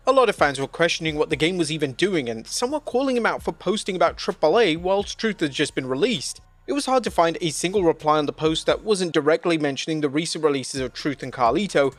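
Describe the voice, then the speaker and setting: A man reading scripted news narration in a steady, even reporting tone. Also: fairly high pitch, no room sound.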